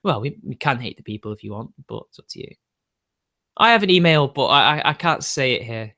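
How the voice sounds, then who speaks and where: A man's voice: medium pitch, sing-song, sharp tone. Rambling man on a livestream. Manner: rambling, quick to get riled and swear. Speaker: livestreamer answering chat. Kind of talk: casual live-stream chat.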